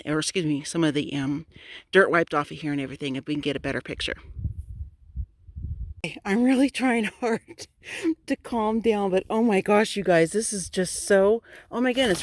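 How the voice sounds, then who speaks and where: A woman vlogging outdoors in bright sun on a phone she holds in one hand, gushing with excitement as she talks her viewers through it. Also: fairly low pitch, a little hiss or hum. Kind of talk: casual vlog while digging outdoors. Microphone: phone held in one hand.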